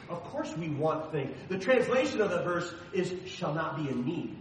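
A man preaching a sermon as pastor in a church, swinging between loud emphatic lines and soft asides. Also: fairly high pitch, sing-song, moderate pace, distant mic, slight background noise. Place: church sanctuary. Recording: very echoey hall, voice from afar.

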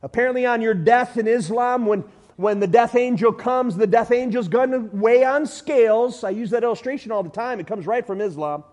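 Man, sermon, high voice, emphatic, loud-to-hushed swings, folksy illustrations. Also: a little fast. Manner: uses everyday illustrations and humor.

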